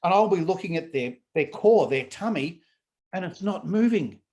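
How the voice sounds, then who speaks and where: A man with a fairly high voice talks as a guest in an easygoing conversation. He is animated and lively, and he acts out the voices of the people he describes. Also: normal speed, muffled recording. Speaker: laughter yoga trainer, guest. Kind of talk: casual conversation.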